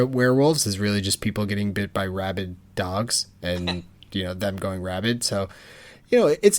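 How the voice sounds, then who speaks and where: A man hosting a casual podcast chat, joking and mocking as he talks about a book. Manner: mocking, jokey, acts out lines in high put-on voices. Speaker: podcast host.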